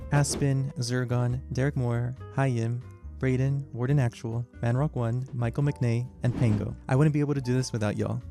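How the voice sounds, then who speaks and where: Gravelly-voiced man narrating an explainer. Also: medium pitch. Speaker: educational video host. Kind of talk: scripted narration. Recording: music bed under voice.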